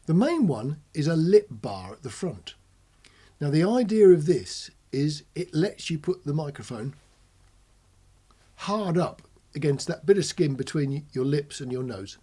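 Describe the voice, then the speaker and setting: A man hosting an informal technical explainer, chatty, switching between quiet talk and loud shouting into a close commentary mic. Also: fairly high pitch, very animated, unhurried, breathy edge. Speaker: host demonstrating audio gear. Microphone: close ribbon commentary mic.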